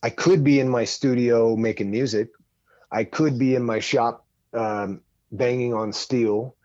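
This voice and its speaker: A man spins a loose, profanity-laced story as a podcast guest, words tumbling out with restarts and asides. His voice sits at an ordinary middle pitch. The recording sounds a bit dull and lo-fi. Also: unhurried, dry recording. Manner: profane, rambling, animated. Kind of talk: casual storytelling.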